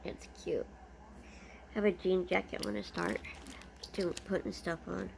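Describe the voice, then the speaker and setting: A woman's voice: fairly low pitch, fairly even intonation, a little slow, creaky, darkish tone, a little hiss or hum. A woman vlogger chatting casually as she unboxes gifts, gushing and easily delighted.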